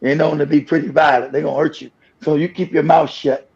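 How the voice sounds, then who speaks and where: A man's voice: a little high, level tone, fast, gravelly, darkish tone. A man hosting a streamed reaction show, speaking bluntly and profanely and laughing often. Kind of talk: reaction commentary. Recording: dull lo-fi stream audio.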